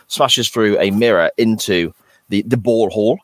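A man co-hosting a podcast, talking casually and thoughtfully about an episode, often pausing mid-phrase. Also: on the low side, fairly bright tone, dry recording. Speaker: podcast co-host. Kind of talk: casual chat reviewing an episode.

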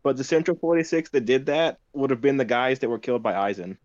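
A man co-hosting a casual podcast in a relaxed, easygoing way. His voice sits at an ordinary middle pitch. His audio comes through dull and lo-fi. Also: quick pace, no room sound. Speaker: podcast co-host.

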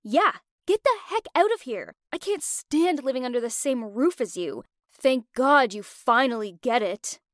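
A woman's voice: high voice, lively intonation, unhurried, fairly bright tone, dry recording, clean studio sound. A woman voicing a vindictive, jealous teenage rich girl who talks in a sarcastic, accusing way.

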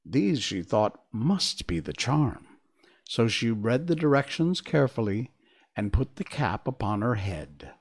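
Slow, expressive male storyteller. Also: mid-range voice. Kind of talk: storybook read-aloud.

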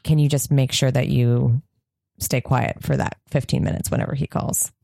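A woman performing an improv comedy scene, talking in a brisk, bossy way and laughing often. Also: rumbling low, fairly even intonation, vocal fry, mellow, dry recording, studio quality.

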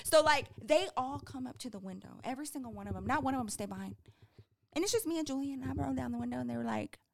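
A young woman co-hosting a podcast, chatting casually and telling animated stories with voices and swearing. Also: sits high, fast talker, creaky. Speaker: podcast co-host. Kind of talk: casual chat.

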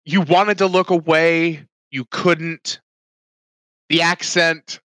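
A man's voice: fairly high pitch, fairly even intonation, slow pace, a bit bright, no echo. A man co-hosting a podcast in casual chat, joking and swearing with theatrical asides. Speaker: podcast co-host.

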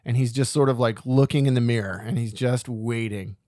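A man co-hosting a podcast, chatting loosely and relaxed about a movie. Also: mid-range voice, brisk, no room sound, clean studio sound. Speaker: podcast co-host. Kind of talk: casual movie review chat.

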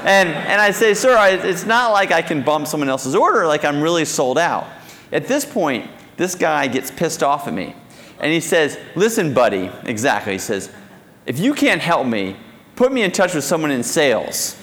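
A man telling an animated story on stage at a conference, acting out a phone call. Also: on the high side, normal speed. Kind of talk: live keynote storytelling. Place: conference stage in a large hall. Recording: long hall reverb from a live keynote.

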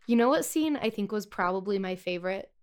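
A woman casually chatting as a podcast co-host, chatty and enthusiastic with quick interjections. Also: medium pitch, lively intonation, smooth. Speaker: podcast co-host reviewing a movie. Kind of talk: casual chat.

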